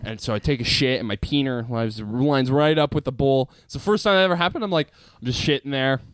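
A man co-hosting a podcast, telling crude stories in casual chat with loud exclamations and laughter. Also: mid-range voice, a little fast, smooth, no echo. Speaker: podcast co-host.

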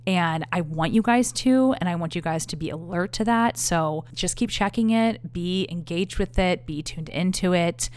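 A young woman hosting a podcast alone, telling a dating story in a candid, profane, animated way. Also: lowish voice, moderate pace, hardly any pauses. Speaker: podcast host. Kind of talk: casual storytelling monologue.

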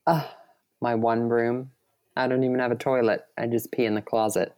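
A podcast co-host speaks from a desk in his small apartment, his mid-range voice showing little pitch movement at a moderate pace. His tone is darkish and clean, and the casual chat is full of laughter and thoughts left unfinished.

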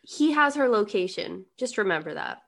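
A woman's voice: medium pitch, animated, moderate pace, vocal fry. A woman co-hosting a casual chat, adding jokey asides about a film. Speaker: podcast co-host. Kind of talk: casual movie recap chat.

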